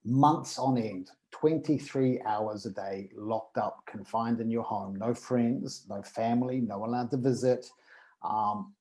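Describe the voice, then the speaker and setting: A man with a mellow, relaxed tone of voice tells a personal story as a podcast guest. He talks casually, with animated storytelling, and acts out the voices in his anecdotes. His pitch sits at an everyday middle height. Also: unhurried, rough recording. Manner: animated storyteller acting out dialogue.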